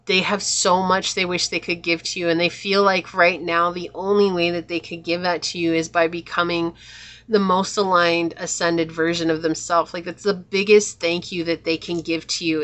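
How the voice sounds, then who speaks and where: A woman's voice: fairly low pitch, bright, forceful tone. Earnest woman reading tarot cards. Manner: earnest, emotional, spiritual. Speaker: tarot reader.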